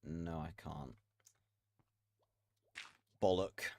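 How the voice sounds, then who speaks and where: A man's voice: extremely low pitch, steady tone, drawn-out words, vocal fry, mellow, slight background noise. A man giving casual commentary while playing a building game, muttering to himself, swearing now and then and laughing. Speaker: gaming video creator.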